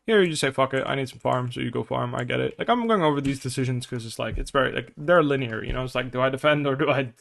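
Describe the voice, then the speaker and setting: A man with a rough, gravelly voice coaching a player through a game review at a quick clip. He is blunt, curses often and acts out little scenes to make his point. His tone stays casual and direct. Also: medium pitch, fairly bright tone.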